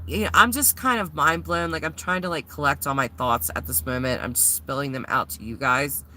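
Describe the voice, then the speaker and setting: A woman's voice: sits low, fairly quick, bright, forceful tone, a little hiss or hum. A woman vlogger telling a story in a casual, rambling way, sounding shaken and using many fillers. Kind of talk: casual vlog retelling.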